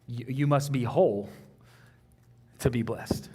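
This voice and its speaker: A man's voice: mid-range voice, takes it slowly, long pauses, dark tone, slightly rough. A young man with a Texan accent preaching a sermon in an earnest, conversational way, often saying "man" and "like".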